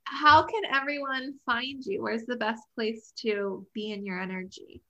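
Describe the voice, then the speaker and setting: A woman's voice: fairly high pitch, steady tone, a little slow, a bit bright, low-quality recording. A woman hosting a casual podcast chat, bubbly and enthusiastic. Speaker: podcast host.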